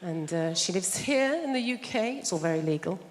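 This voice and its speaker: An English stand-up comedian performs a routine in a large theatre, her lowish voice expressive and slightly fast. Her delivery is dry and self-deprecating, and the reverberant hall carries heavy noise from a loud audience.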